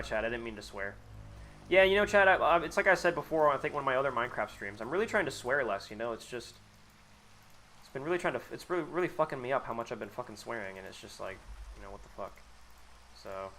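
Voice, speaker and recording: A man's voice: medium pitch, fairly bright tone, a little hiss or hum. A man streaming a game live, chatting casually, joking with his chat and swearing a lot while he builds. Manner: swears often, jokes and banters with chat; self-mocking, mutters while building. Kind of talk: casual live gameplay commentary.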